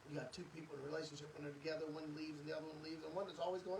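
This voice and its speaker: A man's voice: a little high, flat delivery, racing, darkish tone, far from the mic, slight background noise, low-quality recording. A middle-aged man hosting a podcast, giving an earnest, preachy motivational monologue with lots of emphatic repetition. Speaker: podcast host.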